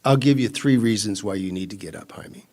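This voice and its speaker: A man voicing an exasperated father who keeps shouting at his son to get out of bed. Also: lowish voice, brisk, lightly acted. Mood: patient, teasing. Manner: shouting, insistent, repeats the name.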